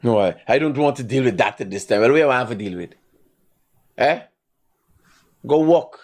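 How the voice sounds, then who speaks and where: This man with a Guyanese Creole accent hosts a live stream in a mid-range voice at normal speed. He's animated and rambling, ranting away with bursts of laughter.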